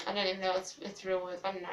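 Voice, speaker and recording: A woman rambles through a spooky story in a casual vlog, dropping "like" every few words and swearing freely. Her voice sits at a middling pitch for a woman. It sounds roomy, with the mic set back from her. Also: monotone, very fast, distant mic, dull audio, background noise. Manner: rambling, full of "like" fillers.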